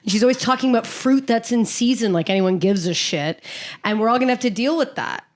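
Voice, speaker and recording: A woman's voice: a little high, fairly quick. A woman from Canada, a comedian guest on a chat show, playfully riffing and ranting. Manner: playful, riffing, animated rants.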